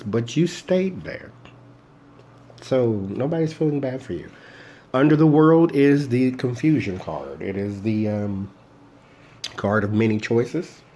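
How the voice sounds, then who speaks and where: A man's voice: fairly low pitch, dark tone, a little hiss or hum. A man giving a casual tarot reading, talking bluntly and directly to a person who is not there. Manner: blunt, speaks straight to an absent person. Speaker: tarot reader.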